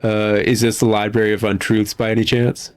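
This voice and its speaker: A man's voice: on the low side, little pitch movement, brisk, clean tone. A man casually commenting and laughing as he plays through a game, reading its text aloud. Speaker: let's play streamer. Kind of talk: casual let's play commentary.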